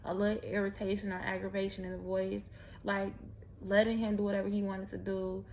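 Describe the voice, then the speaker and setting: A woman's voice: mid-range voice, flat delivery, a little fast, gravelly, a little mellow, slight background noise. A woman telling a personal story in a candid, profane, rambling way, full of restarts and asides. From Mexican heritage. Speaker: vlogger. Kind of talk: casual storytelling monologue.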